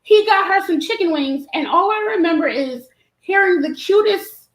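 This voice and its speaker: A woman guest, an event promoter, telling an animated story with laughter. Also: extremely high pitch, moderate pace. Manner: animated, laughing, acts out quotes. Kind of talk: casual storytelling. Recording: roomy echo.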